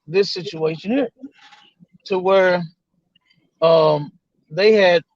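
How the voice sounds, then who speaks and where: A man, a guest on the show, telling a story in a loose, animated way, acting out other people's lines and swearing freely. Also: a little high, no echo, highs cut off. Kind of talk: casual storytelling.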